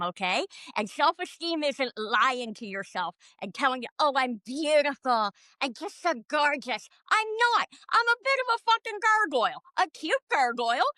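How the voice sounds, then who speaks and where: High, bright-voiced woman ranting profanely. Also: no room sound. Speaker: comedian guest. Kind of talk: casual podcast chat.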